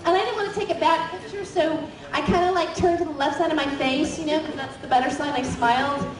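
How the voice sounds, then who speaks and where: A woman comedian telling a comic story in an animated, giggly way, full of fillers and sound effects. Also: high-pitched, fast, background noise. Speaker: comedian guest. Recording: roomy far-off mic with crowd.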